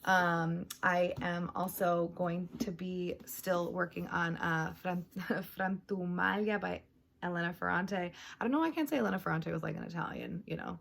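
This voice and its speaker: A woman talks casually through what she is reading. Her voice sits low and has a gravelly rasp. She rambles along with plenty of "like" and "um". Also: normal speed, fairly bright tone, slight background noise. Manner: rambling, full of "like" and "um". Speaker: book vlogger.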